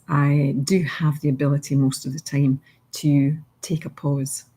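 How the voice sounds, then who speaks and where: A woman hosting a daily mindfulness reading, who guides the listener through breathing in a soft, unhurried way and then reflects casually. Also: deep voice, little pitch movement, husky, low-quality recording. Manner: soft, unhurried, gently guiding.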